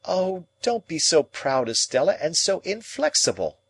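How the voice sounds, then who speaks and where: A man's voice: medium pitch, expressive, moderate pace, slightly rough, pitched above the performer's own voice. A man voicing an earnest, pleading young man. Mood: insistent.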